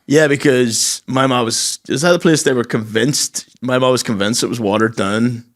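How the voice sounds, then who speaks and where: A man's voice: medium pitch, normal speed. A young Irish man co-hosting a podcast, swearing freely and telling stories while mimicking his family in raised voices. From Ireland. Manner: animated storytelling, mimics family members' voices. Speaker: podcast co-host. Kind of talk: casual chat.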